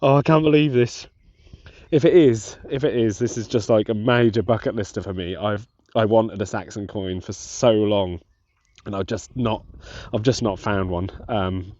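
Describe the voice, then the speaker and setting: A man narrating his metal detecting dig to viewers, giddy and breathless with excitement. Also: lowish voice, normal speed, no room sound, lo-fi sound. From England. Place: outdoors in a field.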